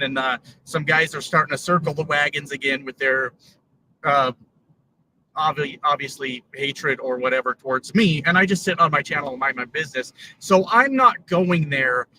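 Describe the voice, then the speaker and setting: A man talking to his viewers while driving his truck, rambling with lots of fillers. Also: on the high side. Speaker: trucker YouTuber. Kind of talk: casual vlog while driving. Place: truck cab on the road. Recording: distant mic, road noise.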